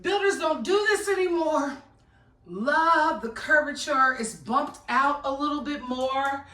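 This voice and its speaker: Woman, higher voice, gushing home tour, unhurried, echoey rooms. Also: sharp tone, far from the mic. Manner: enthusiastic, gushing, exclaiming over details. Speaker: real estate agent giving a home tour. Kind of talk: casual walkthrough tour. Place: model home, walking through rooms.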